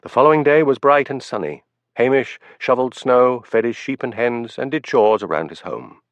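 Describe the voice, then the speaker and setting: A man narrating an audiobook in a measured storytelling manner, in a dull, dry recording. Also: mid-range voice, dry recording. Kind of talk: scripted narration.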